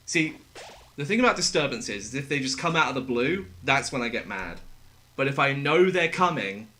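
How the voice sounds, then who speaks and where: A man's voice: medium pitch, lively intonation, normal speed, bright, forceful tone. A man chatting casually with his viewers while gaming live, joking and laughing often. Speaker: streamer.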